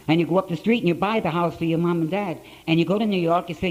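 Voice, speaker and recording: Mellow-voiced man telling a blunt story. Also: sits high, fast, few pauses, lo-fi sound. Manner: blunt storytelling in plain rough grammar. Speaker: speaker at a recovery conference. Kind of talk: personal recovery story told to an audience. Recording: old conference tape.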